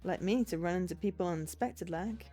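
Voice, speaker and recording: A woman's voice: on the low side, a little fast, dark tone, faint music behind. A woman putting on a drawling big-guy bartender spirit. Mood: warning. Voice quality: put-on exaggerated American drawl. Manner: drawling, calls people little lady and sweetie. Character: folksy big male bartender spirit, smug. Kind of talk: reading a visual novel aloud.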